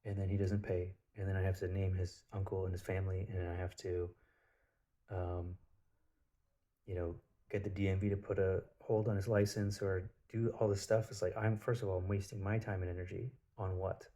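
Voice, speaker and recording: Guy with a deep flat dark voice, swearing casually while he rambles through a story. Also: moderate pace. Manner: blunt, profane storytelling with many "like" fillers. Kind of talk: casual spiritual monologue.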